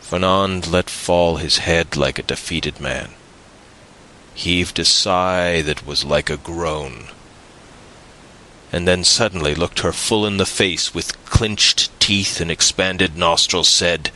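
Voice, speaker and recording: A man narrating a classic novel in a measured, deliberate way. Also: sits low, steady tone, sharp tone, rough recording. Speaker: audiobook narrator. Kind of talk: scripted narration.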